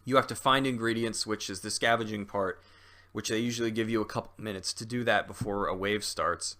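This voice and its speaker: Bright-voiced young man reviewing games. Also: lowish voice, steady tone, brisk. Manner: rambling, lots of fillers and restarts; chatty and jokey. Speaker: game reviewer. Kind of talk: casual video game review.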